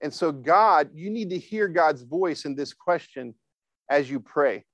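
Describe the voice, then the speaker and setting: A man's voice: on the high side, expressive, unhurried, a bit bright, dry recording, highs cut off. Man preaching a casual sermon. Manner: asks the congregation for responses; informal, with frequent fillers and restarts. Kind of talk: conversational sermon.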